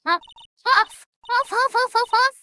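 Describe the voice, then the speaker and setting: A woman voicing a cranky old woman who huffs and gasps between words and shouts threats. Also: big pitch swings, slow pace, a little hiss or hum, exaggerated voice. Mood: huffing, ranting. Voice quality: shrill, gasping between words. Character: cranky shrill old woman, huffing and breathless.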